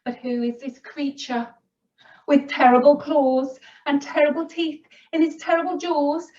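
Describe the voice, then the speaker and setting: A woman children's yoga teacher telling a picture-book story to a kids' class, slow and expressive. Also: sits high, reverberant, distant mic, highs cut off. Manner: slow, expressive and sing-song.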